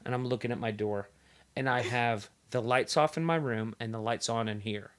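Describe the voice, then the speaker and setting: A man's voice: medium pitch, moderate pace. A man chatting casually on a podcast with friends, telling a story and acting out the voices in it. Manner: animated storyteller who acts out voices in quotes. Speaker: podcast co-host. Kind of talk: casual chat among friends.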